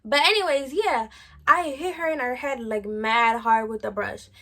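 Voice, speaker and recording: A woman's voice: high-pitched, moderate pace, sharp tone. A young adult woman vlogger telling a story in slangy, chatty talk full of "like". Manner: slangy, chatty, lots of "like" fillers. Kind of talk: casual storytime chat.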